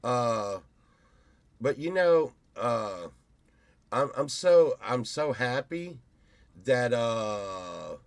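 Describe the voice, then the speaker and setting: A man in his fifties talks at an unhurried, drawn-out pace, rambling from one story to the next in a casual vlog monologue. He restarts his sentences often. The recording is close and dry. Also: medium pitch, animated, creaky, no echo. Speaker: YouTuber.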